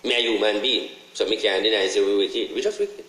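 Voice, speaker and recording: A man with a Jamaican accent delivering a casual, preachy monologue, profane and repetitive, his voice jumping high whenever he drives a point home. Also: fairly quick, sharp tone, roomy sound, low-quality recording. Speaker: online ranter.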